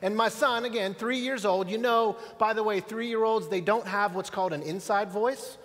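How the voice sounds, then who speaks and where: A man's voice: high voice, moderate pace, a bit bright. A middle-aged man preaching a sermon as pastor, telling stories in a conversational way and asking the audience questions. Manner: storytelling, conversational, asks the audience. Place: church auditorium. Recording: hall reverb.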